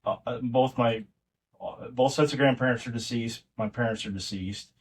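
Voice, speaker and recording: Recorded from a distance, a middle-aged man speaks at normal speed in a medium-pitched voice. He is a podcast guest telling family stories in a loose, rambling way full of restarts.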